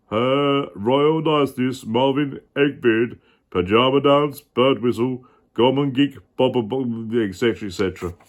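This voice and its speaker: A man's voice: mid-range voice, lo-fi sound. A man reading a children's picture book aloud in a playful way. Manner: playful, stops to joke about the story. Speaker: storybook reader.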